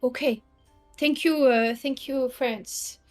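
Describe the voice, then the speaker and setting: Woman player, high voice, slow, halting and stammering, in character, soft music behind. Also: fairly even intonation. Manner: hesitant, stammering. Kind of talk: role-playing in character.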